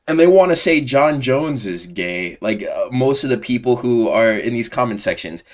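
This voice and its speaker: A man's voice: mid-range voice, expressive, normal speed, few pauses. A man giving casual, profane, exasperated commentary on a combat sports fan community, full of slang. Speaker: MMA commentary YouTuber.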